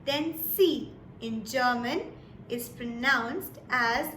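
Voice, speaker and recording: Slow, bright-voiced woman teaching German. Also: high voice, lively intonation. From India. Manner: repeats words twice, checks in with "Yes?" and "All right?". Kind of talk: slow, patient lesson delivery. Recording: echoey room with faint background noise.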